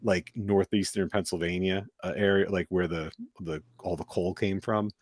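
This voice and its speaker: A man's voice: deep voice, steady tone, normal speed, dry recording, studio quality. A man hosting a podcast, chatting casually and rambling with lots of fillers and restarts. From United States. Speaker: podcast host. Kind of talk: casual chat.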